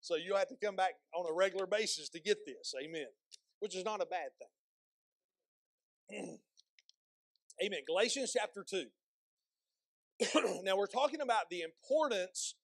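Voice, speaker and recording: A male pastor preaching a sermon, asking the congregation questions and slowing down to read scripture aloud with emphasis. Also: sits high, lively intonation, dry recording. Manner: slows and stresses when reading scripture aloud; repeats words and restarts phrases, asks the congregation questions.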